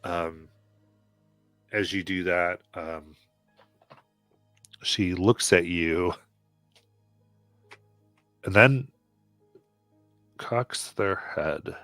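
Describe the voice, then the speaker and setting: A man runs a tabletop game on a live stream, his voice very low and his pace slow. He pauses often with ums and uhs as he describes the scene. The sound is dry and close, with faint music underneath. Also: a bit bright, no room sound. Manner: halting, many ums and uhs. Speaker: game master.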